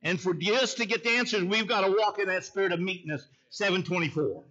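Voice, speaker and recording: A man's voice: high-pitched, brisk, pushed and bright, muffled recording. A man preaching a sermon in a folksy way, telling a story and calling out to the congregation. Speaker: pastor.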